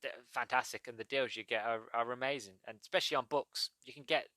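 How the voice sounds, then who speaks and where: A British man talks through his podcast in a chatty, rambling way, drifting from point to point. His tone is bright and clear. The sound is dry and close, with no room around it. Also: mid-range voice, fairly even intonation, quick pace, dry recording. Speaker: podcast host. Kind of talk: casual solo podcast monologue.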